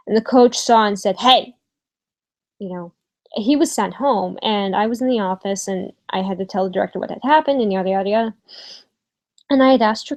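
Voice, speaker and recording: A young woman vlogger telling a personal story to camera in a candid, animated way, swearing and using fillers as she goes. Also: mid-range voice, normal speed. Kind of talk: casual storytime vlog.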